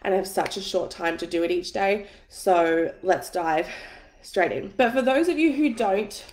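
A woman in her thirties talks to her livestream audience from home, her voice a little husky and tired from a very early start. She is chatty and self-deprecating and swears freely as she teaches, at an ordinary middle pitch. The sound is roomy and echoey, picked up by a phone on a tripod. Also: lively intonation, normal speed, darkish tone. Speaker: coach hosting a live masterclass.

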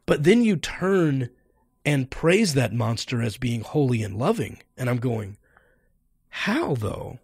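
A man hosting a podcast, arguing his points in an animated, emphatic debate interview. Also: medium pitch, measured pace, breathy edge, dry recording, clean studio sound. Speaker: podcast host.

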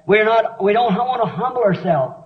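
A high-pitched, middle-aged preacher delivers a fiery revival sermon, swinging from storytelling into shouted appeals. His voice rings through an echoey meeting hall. The sound is a dull, lo-fi 1960s tape. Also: animated, normal speed. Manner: impassioned, storytelling, rising to shouts.

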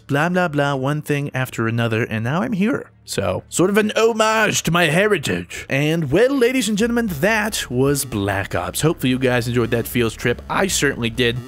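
A young man giving running commentary over a video game as a gaming channel host, often breaking into high excited yelps when the action spikes. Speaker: gaming YouTuber. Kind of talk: gameplay commentary.

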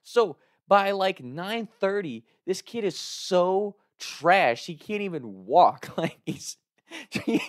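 A man's voice: high voice, sing-song, takes it slowly, dry recording, studio quality. A man telling a casual personal anecdote in a loose, rambling way, often laughing mid-sentence. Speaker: storyteller.

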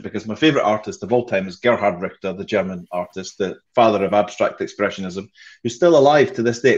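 A man with a Scottish accent chatting casually on a web show panel, joking at his own expense and laughing often over a video call mic. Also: lowish voice. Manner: jokey, self-mocking, laughs often. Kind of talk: casual chat. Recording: dull lo-fi video call audio.

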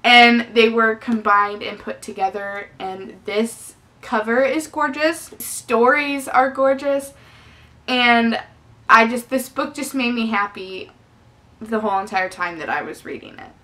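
A young woman talks through a book tag on her vlog, bright and a little sharp in tone. She gushes freely and fills her talk with casual fillers. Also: fairly high pitch, measured pace. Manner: chatty and effusive, lots of "definitely" and "like". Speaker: book vlogger.

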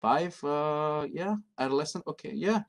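A middle-aged man leading an interactive training workshop, speaking calmly and encouragingly as he reads out answers from the audience. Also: on the high side, unhurried, creaky. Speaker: workshop presenter.

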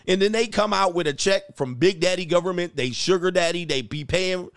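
A man giving a loud, slangy, animated comic rant while reacting to a video clip, laughing as he goes. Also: high-pitched, normal speed, few pauses, smooth, no room sound, studio quality. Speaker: comedy commentator reacting to a clip.

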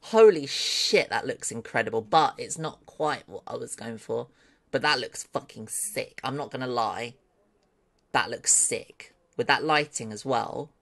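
A woman on a live stream talks her way through a 3D modeling tutorial at an unhurried pace, thinking aloud as she goes. She turns excitable when things go well, swearing with delight and chatting to her viewers. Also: a bass voice, vocal fry.

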